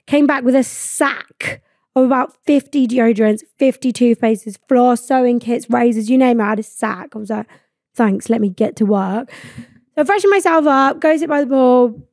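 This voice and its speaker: A woman's voice: fairly high pitch, darkish tone, no room sound, clean studio sound. A young woman, hosting a podcast and telling a story casually, swearing often and acting out what people said. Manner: chatty, swears a lot, acts out quoted lines. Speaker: podcast host. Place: podcast studio.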